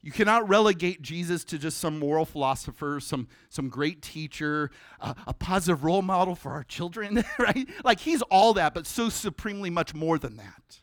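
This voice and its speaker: Man, pastor, sermon, conversational, animated, sudden hushed drops, slightly high voice. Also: moderate pace, hardly any pauses, no room sound, studio quality.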